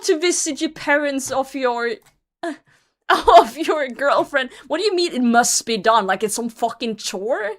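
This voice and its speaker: A woman's voice: high-pitched, lively intonation, measured pace, a bit bright. A woman streamer chatting casually and reading a story aloud, breaking in with blunt, profane commentary and frequent laughter. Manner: blunt, swears often, laughs through her reading.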